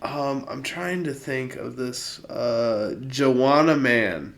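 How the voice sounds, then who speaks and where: A man's voice: medium pitch, slow. A man hosting a podcast in casual chat, laid-back and amused. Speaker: podcast host.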